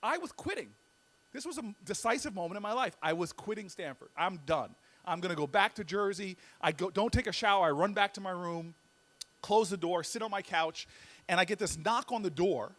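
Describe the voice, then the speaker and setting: Guy w a high voice doing a funny story speech, lively, repeats himself building up. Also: brisk. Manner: animated, comic timing, repeats words while building up. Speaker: guest speaker.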